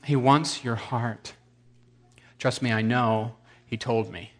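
A man's voice: mid-range voice, steady tone, takes it slowly. A man preaching a humorous sermon, telling stories with sarcastic asides and sudden jumps in volume.

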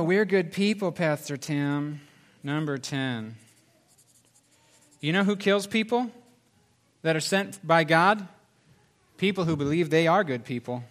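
A man preaching a sermon as pastor, swinging between loud emphasis and soft, confessional asides. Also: on the high side.

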